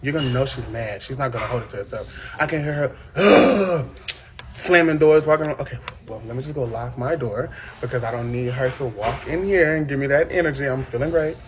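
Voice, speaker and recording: A man telling a personal story in casual chat, animated and profane, with sudden high shrieking impressions. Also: a little fast, background noise. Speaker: podcast host.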